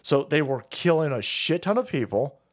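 Brief: a loud, swearing male streamer with a slightly high, bouncy voice, rambling through chat reads. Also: big pitch swings, moderate pace. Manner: rowdy, foul-mouthed, rambling with restarts. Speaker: livestream host reading viewer chats. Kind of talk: casual profane stream commentary.

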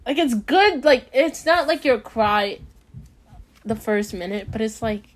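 A woman's voice: fairly high pitch, expressive, measured pace, a little hiss or hum. A woman hosting a casual podcast who reads a bedtime story aloud and often rambles off topic, peppering her talk with "like.". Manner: rambling, drifts off topic, frequent "like" fillers. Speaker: podcast host.

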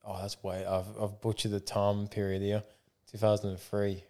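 A man's voice: fairly low pitch, completely flat delivery, moderate pace, warm tone. A man playing a football quiz on a casual podcast, swearing and cheering himself on. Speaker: podcast co-host, quiz contestant.

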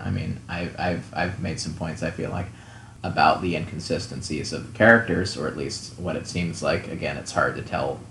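A man's voice: very deep voice, creaky, fairly bright tone, roomy sound, a little hiss or hum. A man in casual book discussion, hesitant and dry, making self-deprecating comparisons. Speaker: podcast co-host.

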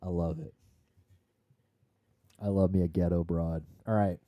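A male podcast co-host talks in a low, mellow voice, recorded dry and close with no room sound. He rambles through loose, profane chat and gets excited as he goes off on tangents. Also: measured pace, dry recording.

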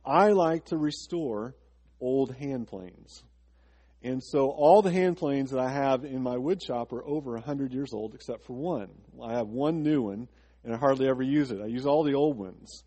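A man's voice: medium pitch, moderate pace, mellow, husky, big-room sound. A man pastor preaching a sermon to his congregation, asking rhetorical questions and slipping into a chatty personal story. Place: church sanctuary.

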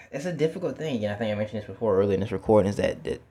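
A man's voice: fairly low pitch, lively intonation, racing, dark tone. A man who works as a teacher, talking through his thoughts in a casual, reflective monologue outdoors, repeating words and swearing now and then. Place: outdoors with feet in water.

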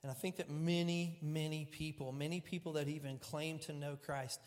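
A male pastor preaching with a personal story, animated and self-deprecating, moving between loud outbursts and hushed, serious moments. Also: fairly high pitch, moderate pace. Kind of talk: sermon storytelling.

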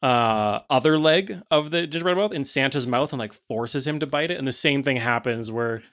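A man's voice: mid-range voice, moderate pace, fairly bright tone. A man narrating a comedy tabletop game as game master, rambling with lots of fillers. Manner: rambling, filler-heavy, hesitant.

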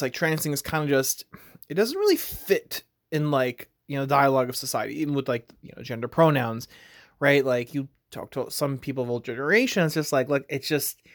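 In a dry, studio-quality recording, an American podcast host with a fairly high pitch talks casually on his own. His solo commentary rambles and is packed with fillers such as "like" and "you know."

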